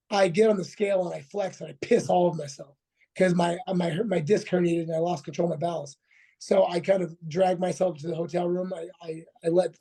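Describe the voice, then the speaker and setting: A man's voice: high voice, warm tone, breathy edge. A man in his forties, a former fighter, telling a rambling, profane story as a podcast guest, full of restarts and acted-out quotes. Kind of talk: casual storytelling interview.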